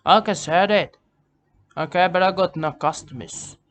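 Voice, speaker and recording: A man's voice: high-pitched, moderate pace, a bit bright, slight background noise. A man, rambling through a comic monologue and repeating his catchphrases over and over. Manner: repetitive, rambling, drops catchphrases. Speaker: comic host.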